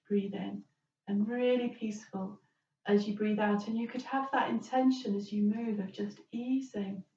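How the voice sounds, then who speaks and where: A woman leads a chair yoga class in a calm, soothing voice, talking students through each breath and stretch. She sounds set back from the mic in a roomy space, and the recording has a dull, muffled quality. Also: medium pitch, vocal fry, far from the mic. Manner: gentle, soothing step-by-step instructions. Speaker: yoga teacher.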